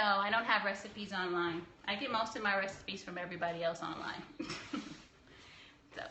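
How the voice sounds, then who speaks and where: A young woman cake decorator fields viewer questions on an informal live stream, sounding blunt and preachy, mixing in laughs and light swearing. She speaks at a medium pitch with a sharp tone, and the echoey recording carries some hiss or hum.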